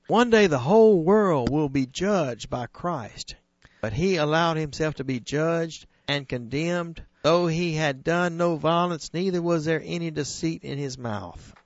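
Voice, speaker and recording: Male preacher, slightly high voice, emphatic scripture retelling, dry dull lo-fi sound. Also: no room sound. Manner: earnest, emphatic, slows on key phrases.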